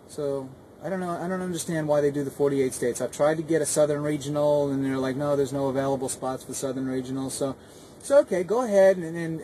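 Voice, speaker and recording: A man's voice: fairly high pitch, dark tone. A man who drives trucks for a living, ranting bluntly to his viewers from his cab, repeating himself and trailing off into mutters. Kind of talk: casual rant to camera. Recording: noisy cab with engine hum.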